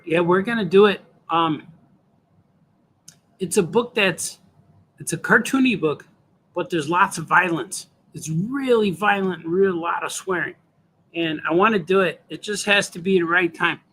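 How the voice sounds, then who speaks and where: Middle-aged male cartoonist, somewhat high and husky, loose muttering live-stream chat. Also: normal speed, sharp tone. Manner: mutters to himself, trails off, talks to viewers. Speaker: cartoonist livestreaming while drawing. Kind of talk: casual live-stream chat while drawing.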